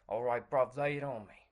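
A man's voice: mid-range voice, voice pushed down, lightly acted. A man doing a comedic impression of a boastful British alpha-male influencer who calls everyone bruv.

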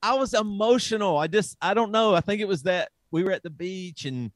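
A man's voice: high voice, fairly quick, no room sound. A man co-hosting a casual podcast, telling self-deprecating stories and laughing often as he talks. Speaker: podcast co-host. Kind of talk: casual chat.

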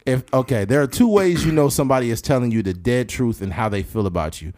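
A man co-hosting a casual podcast chat, lively and animated, acting out quotes in high mocking voices. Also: fast talker. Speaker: podcast co-host.

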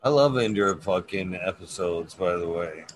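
A man hosting a casual livestream chat, relaxed and reflective. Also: sits low, normal speed, slight background noise, poor audio. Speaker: livestream host.

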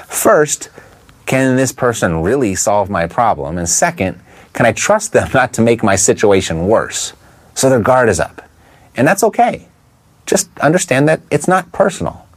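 A man coaching listeners in an instructional talk, stressing his points and asking quick rhetorical questions. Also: medium pitch, very animated. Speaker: real estate investing coach.

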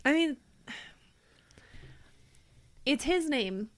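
A woman's voice: high-pitched, lively intonation, very slow. Blunt woman in casual banter. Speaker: podcast co-host.

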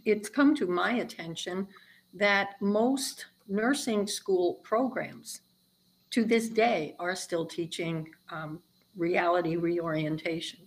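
A woman's voice: lowish voice, slow pace, rough recording. A woman who teaches dementia care, explaining her approach in an earnest, emphatic way during an interview. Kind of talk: interview conversation.

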